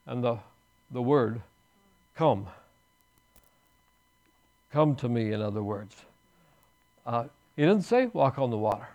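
A man's voice: medium pitch, expressive, slow, pauses often, a little mellow, dull audio. A man pastor preaching a sermon in church, earnest, with restarts and emphatic bursts.

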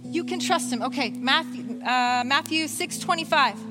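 A woman preaching a sermon in an animated way, voicing Bible figures in short quoted lines. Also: sits high, moderate pace, music in the background. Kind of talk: sermon with worship music.

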